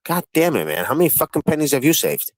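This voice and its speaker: A man hosting a live-stream panel in casual chat. He swears constantly and needles the other guests with rapid-fire questions. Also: a little high, sing-song, no room sound, rough recording.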